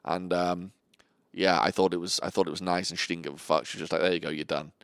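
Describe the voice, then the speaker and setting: A man's voice: sits low, quick pace, smooth, dry recording, clean studio sound. A man hosting a podcast, telling stories in casual chat with lots of swearing and acted-out voices. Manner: animated, sweary storytelling, acts out voices. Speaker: podcast host.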